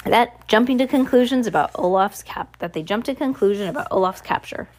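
A woman's voice: on the high side, a little fast, darkish tone. A woman reading a novel aloud, who sometimes stumbles and corrects herself. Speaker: audiobook reader.

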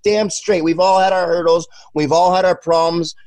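High-voiced man swearing through casual stories. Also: fairly even intonation, moderate pace, no echo. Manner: profane, loud, storytelling with acted-out quotes. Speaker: podcast host. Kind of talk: casual chat.

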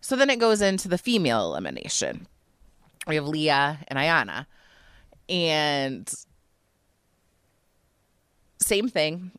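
A woman's voice: sits low, wildly swooping pitch, slow, pauses often, fairly bright tone, smooth, dry recording, studio quality. A woman co-hosting a podcast, animatedly recapping a TV episode in casual chat, emotional and full of fillers. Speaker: podcast co-host.

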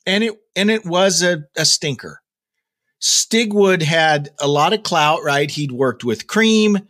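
A man's voice: on the high side, expressive, slow pace, fairly bright tone. A man hosting a daily rock news podcast, talking casually with jokey asides and plenty of fillers and restarts. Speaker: podcast host.

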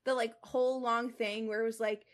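A woman's voice: fairly high pitch, flat delivery, moderate pace. A young woman podcast co-host reading fan fiction aloud and chatting animatedly, full of fillers.

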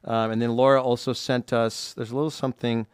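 Man, podcast co-host, dry studio sound, middle pitch, chatty and upbeat. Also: flat delivery, fairly quick, clean tone, no echo. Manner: chatty, upbeat, reads fan mail aloud. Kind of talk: casual podcast chat.

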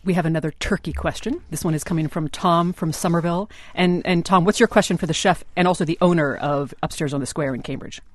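A man hosting a call-in radio show, introducing callers briskly by name and town. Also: a little high, no echo.

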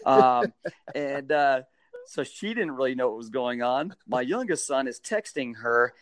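A middle-aged man telling a story in a casual interview, animated, jumping into high-pitched bursts when he acts out what people said. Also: unhurried, dry recording, clean studio sound. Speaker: guest, stadium mascot performer.

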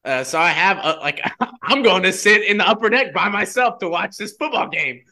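Bright-voiced young man telling a story. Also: high-pitched, normal speed. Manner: animated, heavy use of "like" fillers. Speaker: guest telling a personal story. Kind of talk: casual storytelling chat.

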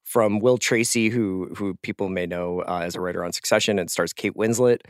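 A man's voice: deep voice, fairly even intonation, fairly quick, no room sound, clean studio sound. A middle-aged man hosting a podcast, chatting casually, teasing his co-host and laughing often. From Philadelphia. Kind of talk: casual chat.

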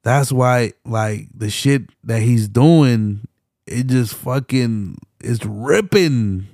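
A man's voice: medium pitch, drawn-out words, vocal fry, a little mellow, dry recording, clean studio sound. A young man hosting a solo podcast, rambling passionately with lots of fillers, restarts and swearing. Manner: swears often. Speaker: podcast host.

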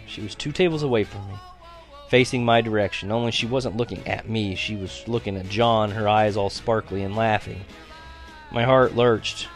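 A man reading a first-person story aloud with expressive, youthful storytelling. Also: lowish voice. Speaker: audiobook narrator.

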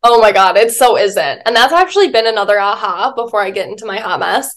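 A woman's voice: medium pitch, expressive, fast, fairly bright tone. A woman guest, a spiritual life coach, chatting casually in an interview, telling stories with lots of filler words and the odd swear.

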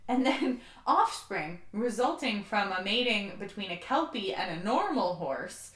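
Giggly woman podcast host, bright tone, kinda echoey room. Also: mid-range voice, very animated, measured pace. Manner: giggly, self-deprecating, reads facts aloud. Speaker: podcast co-host presenting research. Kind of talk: casual podcast chat.

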